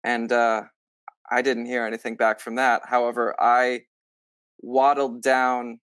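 A man, a stage actor, telling a story in a casual interview, lively and acting out what others said, with lots of filler "like"s. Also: medium pitch, unhurried, clean tone, no room sound, studio quality. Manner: animated, acts out quoted lines; many filler likes. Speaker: musical theater actor, guest.

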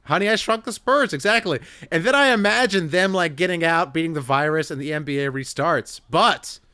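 A man's voice: on the high side, a little fast, sharp tone, clear, resonant tone, dry recording, studio quality. A man hosting a casual sports podcast, joking and riffing, laughing often. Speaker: podcast host.

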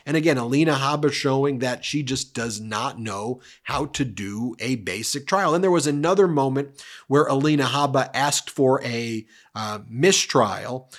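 A man hosting legal commentary, recapping a trial in a casual, animated and mocking way. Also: mid-range voice, normal speed.

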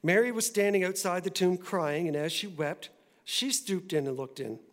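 A male pastor giving a sermon in a church, talking in a conversational, animated way with quick asides. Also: high voice.

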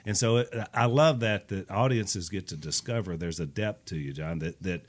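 A man's voice: deep voice, normal speed. A man co-hosting a podcast, a preacher telling a story in casual chat and acting out what other people said. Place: studio table.

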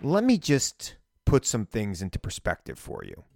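A man's voice: fairly low pitch, huge pitch swings, moderate pace, creaky, darkish tone, soft background music. A middle-aged man with a light Long Island accent hosting a podcast, giving political commentary in a conversational, wry way. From Long Island, New York. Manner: conversational, wry, asides to listeners. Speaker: podcast host.

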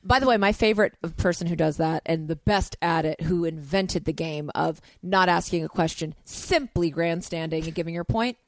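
A woman's voice: fairly low pitch, moderate pace, hardly any pauses, dry recording. A woman co-hosting a comedy podcast, talking in a crude, gleeful, profane way. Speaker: podcast co-host. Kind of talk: casual comedic chat.

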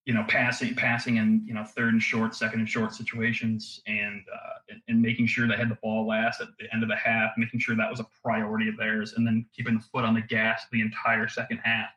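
A man talking as a guest analyst on a casual sports podcast, wry and quick to laugh. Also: lowish voice, monotone, pushed and bright, reverberant, poor audio.

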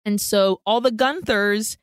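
A woman co-hosting a podcast, recapping a film in casual chat, animated, swearing freely and acting out the characters' lines. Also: mid-range voice, unhurried, clean tone, no echo, clean studio sound. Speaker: podcast co-host.

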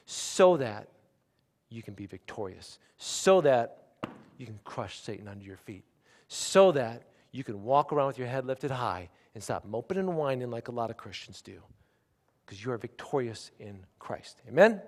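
A pastor in his forties preaching a sermon, shifting from hushed, intimate asides to loud, emphatic declarations. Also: medium pitch, moderate pace, long reverb tail. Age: 40s. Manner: animated preaching, swinging from quiet asides to loud emphatic lines.

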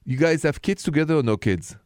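A man's voice: on the high side, animated, fairly quick, a little mellow, clear, resonant tone, no room sound, clean studio sound. A man with a French accent hosting a call-in radio show, giving frank, direct relationship advice.

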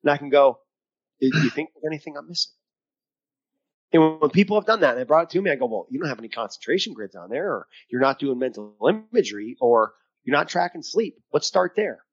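A man's voice: on the high side, fast talker, slightly rough. Male co-host, mental coach, emphatic and upbeat, lo-fi call recording. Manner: energetic, emphatic, coaching tone with quoted asides. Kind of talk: casual podcast chat.

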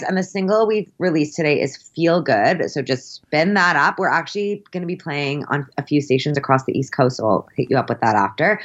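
A low-voiced woman talks fast and animatedly as a podcast guest, her speech full of filler "likes". The recording is a bit dull and lo-fi. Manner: quick, animated, peppered with likes. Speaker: guest, math teacher and musician. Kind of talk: casual interview chat.

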